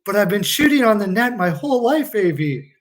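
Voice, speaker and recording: A man's voice: sits high, very animated, fairly quick, voice pushed up. Man doing a panicky young hockey player. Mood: whiny. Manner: flustered, whiny. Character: panicky young hockey player who can't stop shooting.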